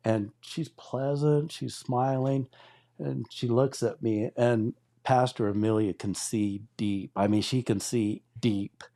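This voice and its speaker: A man's voice: medium pitch, fairly even intonation, takes it slowly, mellow. A man in his sixties telling his testimony as a guest in a casual, rambling storytelling way. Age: 60s. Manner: rambling storyteller who acts out quoted dialogue.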